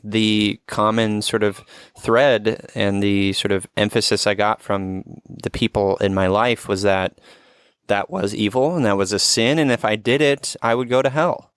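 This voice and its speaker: Guy hosting a podcast, gentle and caring, lots of um and restarts, dry close sound. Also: lowish voice, fairly even intonation, unhurried, clean tone, dry recording. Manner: warm, empathetic, hesitant restarts. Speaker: podcast host. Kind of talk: casual conversation.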